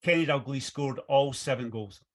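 A man's voice: mid-range voice, normal speed. A middle-aged man, a golf journalist guest on a podcast, telling long rambling anecdotes in casual chat and laughing often. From Scotland.

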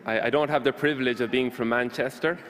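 A man from Ireland with an Irish accent, a young missionary gently encouraging a parish congregation. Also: mid-range voice, steady tone, quick pace, in a large hall, slight background noise. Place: church.

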